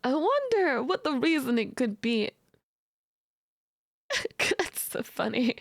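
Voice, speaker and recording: A woman's voice: high-pitched, very animated, slow, no room sound, clean studio sound. A young adult woman streamer chatting casually with her audience, giggly and playfully teasing. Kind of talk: casual live-stream chat.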